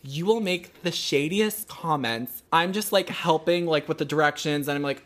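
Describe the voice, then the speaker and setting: Animated young man ranting in casual chat. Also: fairly high pitch, normal speed. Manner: animated, swearing, mocking quotes. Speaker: podcast co-host.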